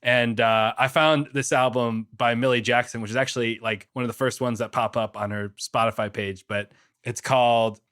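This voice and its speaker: A man's voice: mid-range voice, fairly even intonation, moderate pace, fairly bright tone, clean tone. A young man co-hosting a casual music podcast, laid-back and agreeable, talking loosely with lots of fillers. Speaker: podcast co-host.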